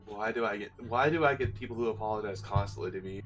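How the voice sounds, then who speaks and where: A player in a tabletop role-playing game, talking in an animated, exasperated way. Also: mid-range voice, quick pace, soft background music, poor audio.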